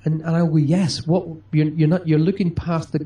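Brit guy chatting in an interview, warm low-key voice, animated and joking. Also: moderate pace. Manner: lively, joking, acts out dialogue. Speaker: medium and touring stage performer. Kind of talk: storytelling interview answers.

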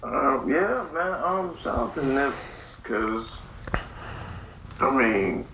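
A man co-hosting a podcast, talking in a relaxed, thoughtful way about rap. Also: mid-range voice, extremely slow. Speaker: podcast co-host. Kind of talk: casual hip-hop talk. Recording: roomy echo, faint background hiss.

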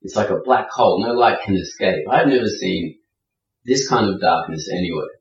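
A man's voice: sits low, normal speed. A man telling a sailing anecdote in a casual, vivid way. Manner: animated, vivid storytelling. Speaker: guest storyteller. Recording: roomy, distant and dull.

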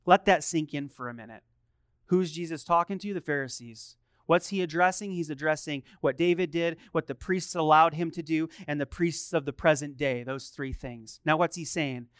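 A man's voice: fairly high pitch, moderate pace, a bit bright, smooth, dry recording, studio quality. A middle-aged male pastor preaching a sermon in a conversational way, often asking his listeners questions. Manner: conversational, asks the congregation questions.

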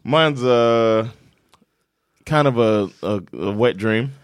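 A man co-hosting a casual sports chat, animated and profane, quick to joke and swear. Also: mid-range voice, clear, resonant tone, dry recording, clean studio sound. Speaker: podcast co-host.

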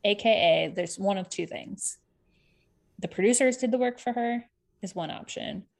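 A woman co-hosting a podcast, chatting casually and recapping a reality show with quick asides and laughter. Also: mid-range voice, creaky. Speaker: podcast co-host.

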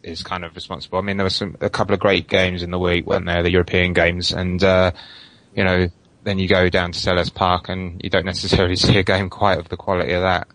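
A man, a guest on a football podcast over an online call, speaking in a measured, hedging way full of fillers. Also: low voice, level tone, a bit bright, dry recording, poor audio. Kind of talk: casual football chat.

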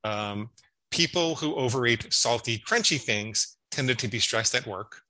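A man's voice: mid-range voice, expressive, measured pace, pushed and bright, low-quality recording. A man in his fifties, a psychologist guest explaining and telling stories in a conversational interview, often restarting his words. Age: 50s. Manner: explanatory storytelling with frequent restarts.

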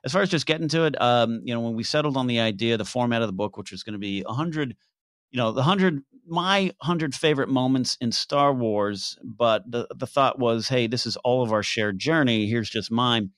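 A man's voice: medium pitch, moderate pace, a bit bright, no room sound, studio quality. A man, a guest author answering interview questions in a casual, hesitant way with many fillers and restarts.

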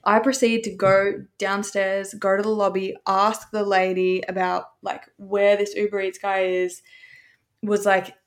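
A woman's voice: medium pitch, level tone, unhurried. A young woman with an Australian accent, telling a story in a chatty, rambling way with frequent swearing. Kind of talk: casual storytelling.

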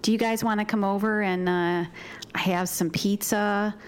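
A woman putting on a broad upstate New York accent to play a friendly small-town woman, with drawn-out vowels. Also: medium pitch, fairly even intonation, smooth, voice pushed up, close to an everyday voice. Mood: folksy.

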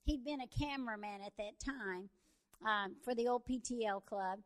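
A woman preaching a sermon, telling a story and building to fervent shouts. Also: on the high side, normal speed.

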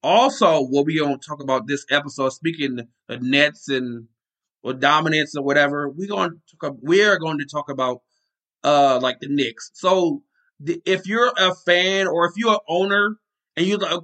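A man's voice: on the high side, moderate pace, sharp tone. A man hosting a sports podcast, talking casually and rambling, often stopping to search aloud for players' names. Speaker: podcast host. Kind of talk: casual sports talk monologue.

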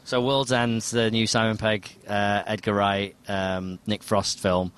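Low-ish guy hosting a podcast, rambly and excited, keeps steering the chat. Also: measured pace, clear, resonant tone. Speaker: podcast host. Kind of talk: casual chat.

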